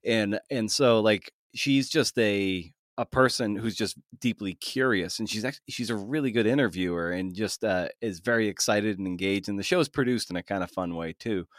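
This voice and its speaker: A man's voice: fairly low pitch, normal speed, few pauses, fairly bright tone, no echo, clean studio sound. A male podcast host chatting casually with a guest, rambling with many restarts. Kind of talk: casual interview chat.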